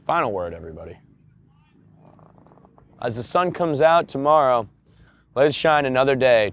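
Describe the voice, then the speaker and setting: A man's voice: medium pitch, lively intonation, normal speed, pauses often. A young man hosting his own podcast alone, chatting casually about tour dates and self-care with crude jokes. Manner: laid-back, crude jokes, bursts into loud mock-announcer parody. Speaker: podcast host. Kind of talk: casual solo podcast chat.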